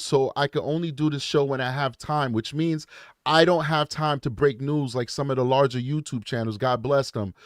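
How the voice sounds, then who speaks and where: A man's voice: on the high side, no echo, studio quality. A man hosting a true crime show, talking casually and earnestly to his audience and laughing easily. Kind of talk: casual direct-to-camera talk.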